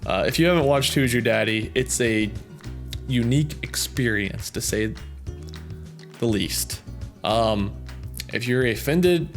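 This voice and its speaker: A man's voice: medium pitch, a little slow, pauses often, faint music behind. A man in his thirties hosting a gaming channel, casually reading out viewer comments in a rambling, self-amused way. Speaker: YouTube gaming channel host.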